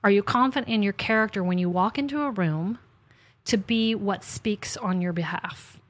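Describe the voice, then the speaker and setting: A woman author and podcast host in casual faith conversation, chatty and animated, acting out her talks with God in little asides. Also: mid-range voice, moderate pace, no echo.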